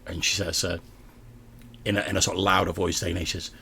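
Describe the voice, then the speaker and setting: Deep, gravelly game master. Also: male voice, level tone, brisk, bright, forceful tone. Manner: casual narration with many fillers. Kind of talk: narrating a tabletop game.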